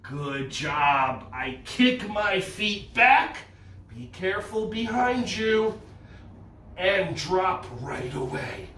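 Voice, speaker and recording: A man's voice: high voice, very animated, drawn-out words, sharp tone, reverberant, recorded from a distance, a little hiss or hum. A man from New Jersey with a New Jersey accent, leading a playful children's yoga class indoors and cheering the kids on. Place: indoor room.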